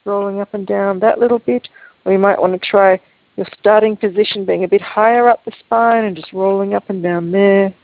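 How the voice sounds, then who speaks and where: A woman teaching a Feldenkrais movement lesson over a video call, giving calm, gentle, unhurried instructions. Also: medium pitch. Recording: tinny, phone-like call audio, dry.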